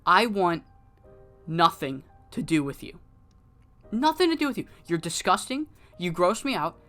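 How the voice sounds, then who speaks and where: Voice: medium pitch, very animated, unhurried, a bit bright, soft background music. A narrator doing a foul-mouthed disgusted female wrestler. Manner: profane, curt, dismissive.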